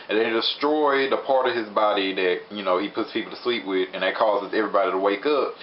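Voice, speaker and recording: A young man casually recapping a TV episode in a rambling, chatty way full of filler words. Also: lowish voice. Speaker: show reviewer. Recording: dull lo-fi recording with faint hiss.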